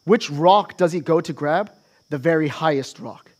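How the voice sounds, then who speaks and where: A man with a notably high voice delivering a sermon from the pulpit. He explains the text as he goes, regularly tossing a "right?" to the congregation. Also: normal speed. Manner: expository preaching with frequent "right?" asides to the congregation. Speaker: pastor.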